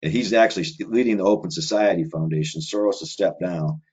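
A man with a very low voice talks at length in a loose, conversational way. He strings thoughts together with fillers and restarts. The recording sounds slightly dull and lo-fi. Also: brisk, darkish tone, slightly rough. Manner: rambling, run-on delivery with many filler words. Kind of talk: casual conversational monologue.

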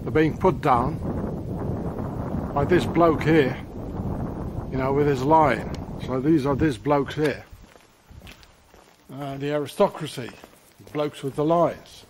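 Slow-talking man vlogging outdoors. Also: fairly high pitch, noisy background. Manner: rambling, muttering asides, slang-heavy. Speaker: travel vlogger. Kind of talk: walking tour vlog, rambling commentary. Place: outdoors in forest and castle ruins. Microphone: handheld camera mic.

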